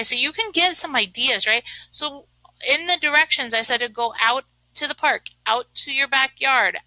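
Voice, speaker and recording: Chatty woman teacher, bright voice. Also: mid-range voice, no echo, low-quality recording. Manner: chatty, uses lots of fillers. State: sneezing from allergies. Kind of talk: remote lesson, thinking aloud while writing.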